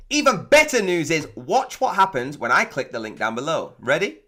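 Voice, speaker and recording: Brief: male tech reviewer, high bright voice, excitable sales pitch. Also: normal speed, few pauses. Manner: excitable salesy pitch, rattling off feature lists. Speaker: software review host. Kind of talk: excited product review walkthrough.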